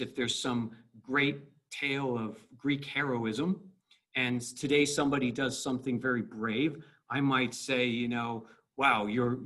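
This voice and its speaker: A man teaching high school English in a recorded video lecture, explaining patiently and stressing syllables to show the rhythm. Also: fairly bright tone. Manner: repeats words and restarts.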